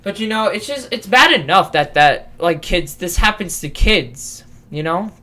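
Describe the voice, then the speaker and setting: Teen guy ranting on his podcast, bright sharp voice, keeps swearing and tripping over his words. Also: sits high, animated, unhurried. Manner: rambling, swearing, lots of restarts and fillers. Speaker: vlogger. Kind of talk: casual podcast rant.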